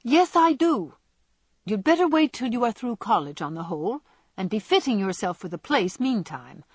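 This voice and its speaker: A woman voicing a frank, spirited young woman in a storybook reading, brisk and bossy yet caring. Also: a little high, sing-song, no room sound. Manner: brisk scolding, softening to tender.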